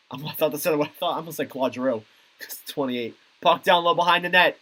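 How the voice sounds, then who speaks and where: High, bright young amateur hockey caller. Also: male voice. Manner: rapid play-by-play that erupts into shouting on goals. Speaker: live hockey commentator. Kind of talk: live amateur play-by-play commentary.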